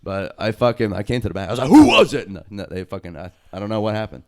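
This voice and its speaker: Smooth low-voiced young man. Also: fast talker. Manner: loose, excited storytelling full of slang and swearing. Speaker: podcast co-host and indie wrestler. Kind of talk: casual profane chat.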